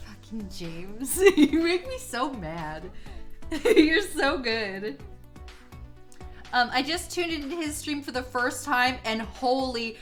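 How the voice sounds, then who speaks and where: A young woman streaming while she draws, gushing excitably, swearing a lot, laughing often and trailing off mid-sentence. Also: sits high, slow, soft background music. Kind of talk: casual live-stream chat while drawing.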